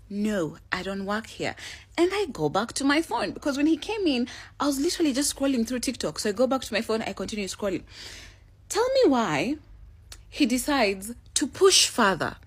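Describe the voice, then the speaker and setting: A woman, telling a story in a casual, sarcastic way. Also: fairly high pitch. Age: 20s. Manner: sarcastic, animated retelling with code-switching.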